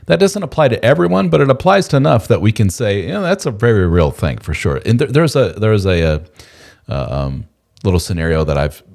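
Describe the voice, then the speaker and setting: Deep-voiced man, animated storyteller. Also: brisk, vocal fry. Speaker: podcast host. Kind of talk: live chat.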